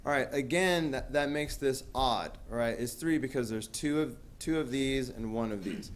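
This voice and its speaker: A man's voice: medium pitch, moderate pace. A man teaching a math class, talking casually with lots of fillers and asking students questions. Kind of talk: classroom lecture.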